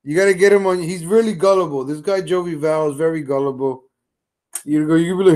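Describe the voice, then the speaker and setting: Male streamer, high voice, crude mocking reaction commentary. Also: fairly quick, darkish tone. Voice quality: mocking, insulting, swears heavily.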